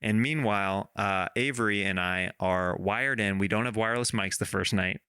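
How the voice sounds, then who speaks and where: A man's voice: fairly low pitch, normal speed, bright, forceful tone, clean tone, dry recording, clean studio sound. A man in his thirties hosting a podcast, chatting casually in a rambling way with many restarts. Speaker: podcast host. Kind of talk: casual interview chat.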